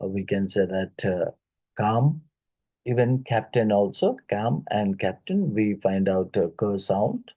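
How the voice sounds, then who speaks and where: A man with an Indian English accent teaching a phonetics lecture for exam prep. He talks haltingly, with many fillers, and repeats words slowly to model how they sound. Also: fairly low pitch, lively intonation, lo-fi sound.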